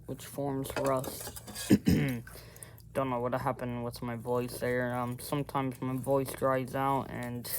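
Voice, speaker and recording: A man's voice: medium pitch, completely flat delivery, slow, slight background noise. A man chatting casually through an outdoor how-to vlog, rambling and often correcting himself, recorded on a camera mic by a fire. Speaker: vlogger.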